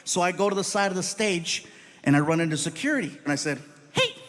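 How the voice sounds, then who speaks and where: Speaking fast in a high voice, a middle-aged comedian on a live stage tells exaggerated stories. His manner is animated, and each bit leads to a punchline.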